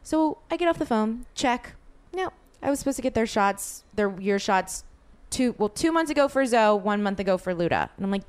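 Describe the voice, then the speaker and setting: Chatty young woman with a smooth voice. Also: on the high side, moderate pace. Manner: rambling, animated, filler-heavy retelling. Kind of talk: casual storytelling chat.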